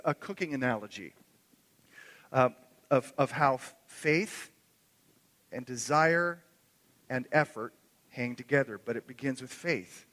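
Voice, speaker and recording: A man preaching a sermon in earnest, swelling loud on key phrases and then dropping soft. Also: mid-range voice, expressive, unhurried, long pauses. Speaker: pastor. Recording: long echo of a hall.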